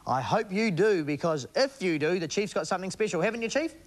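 A man's voice: sits high, animated, a little fast. A man hosting a game show, cheering and urging a contestant on. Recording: TV studio with audience and music.

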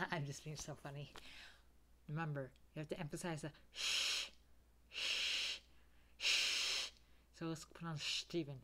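A woman's voice: low voice, fairly even intonation, pushed and bright, slight background noise, heavily acted. A woman playing a goofy young male student who laughs at his own jokes. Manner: slow, dragging, self-amused. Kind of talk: comedy sketch character.

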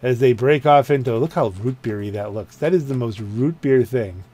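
A man's voice: medium pitch, normal speed, warm tone, slightly rough, no room sound. A man giving a rambling, casual commentary while touring his car garage in a video game, often stopping to correct himself. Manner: rambling, self-correcting, chatty. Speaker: gaming channel host. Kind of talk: casual let's-play commentary.

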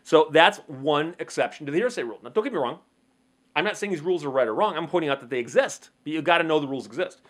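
A man's voice: on the high side, expressive, fast. A man commentating on the law in a conversational monologue, asking rhetorical questions and acting out short courtroom exchanges. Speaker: legal commentator. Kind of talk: explanatory monologue to camera.

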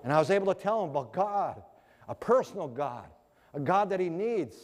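A man's voice: high voice, big pitch swings, brisk. A man preaching a sermon earnestly, asking the audience rhetorical questions. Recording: echoey hall reverb.

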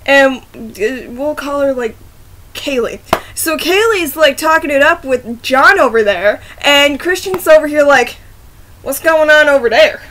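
Against a noisy background, a high-pitched, animated woman talks at a measured pace to her laptop camera, picked up by its microphone. The vlogger rambles, giggles and frequently restarts to say sorry.

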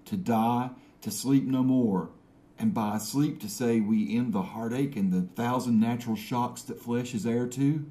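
A mellow, warm-toned tragic prince , as a man puts on a mock English accent, recites with slow, theatrical grandeur. The delivery is deliberately lofty and a little self-aware. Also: mid-range voice, lightly acted. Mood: solemn. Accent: put-on English. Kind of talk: dramatic recitation.

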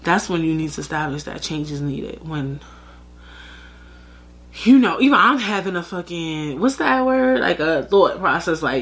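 A woman's voice: low voice, lively intonation, unhurried. A woman, hosting a podcast in a casual, blunt advice monologue, profane and full of rhetorical asides. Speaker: podcast host.

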